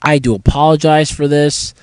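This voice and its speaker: A man hosting a solo podcast, nasal and congested from a head cold, with a sore throat, chatting in a rambling way full of fillers and pauses. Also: fairly high pitch, steady tone, a little mellow, clear, resonant tone, no echo, poor audio. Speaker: podcast host. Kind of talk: casual solo podcast talk.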